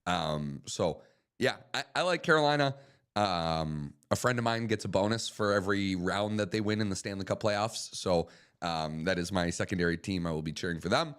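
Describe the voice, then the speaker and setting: A man's voice: low voice, moderate pace, a bit bright, clean tone. A man co-hosting a casual sports talk show, making dry, wry remarks between hesitant fillers. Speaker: co-host.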